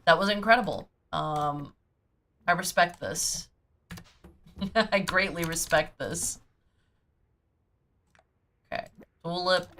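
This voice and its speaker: Speaking slowly with frequent pauses, a woman with a lowish, slightly bright voice chats goofily to herself while streaming a cozy farming game from home. She hums and scats as she sorts items, and there's a little hiss or hum on the recording.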